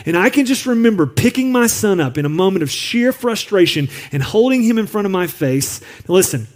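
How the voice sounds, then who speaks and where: Male pastor, sermon, earnest and personal, slightly higher voice. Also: expressive, brisk. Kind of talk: sermon on parenting. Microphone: recorded apart from the congregation.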